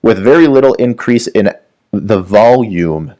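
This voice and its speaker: Walking his audience through diagrams in a medical whiteboard lecture, this man explains things at an unhurried pace and keeps asking "right?" to check understanding. His fairly low voice is warm, with lively intonation.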